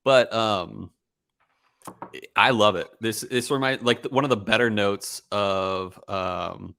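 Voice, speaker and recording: A man co-hosting a podcast, chatting casually through a whiskey tasting, relaxed and rambling with many ums and uhs. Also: fairly low pitch, takes it slowly, creaky, slight background noise. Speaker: podcast co-host.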